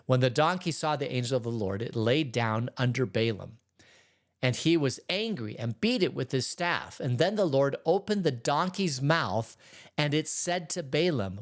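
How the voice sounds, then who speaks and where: A man who is a pastor, giving a relaxed, conversational Bible teaching in church, reading scripture aloud and retelling it in everyday words. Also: medium pitch, moderate pace.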